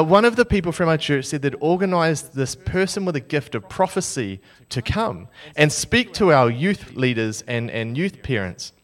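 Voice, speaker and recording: Animated young man telling a sermon story. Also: a little high. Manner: animated, self-mocking storyteller. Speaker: preacher.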